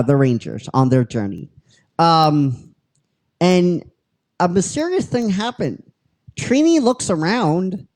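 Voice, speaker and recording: A podcast host telling a story in a casual, halting way, with many fillers and restarts. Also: mid-range voice, darkish tone. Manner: chatty and self-deprecating, swears casually. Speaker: podcast host pitching episode ideas.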